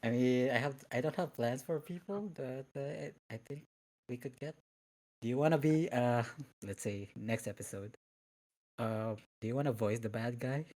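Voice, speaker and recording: A man's voice: mid-range voice, moderate pace, dark tone. A man being interviewed as a guest on a casual podcast, speaking hesitantly and laughing between words.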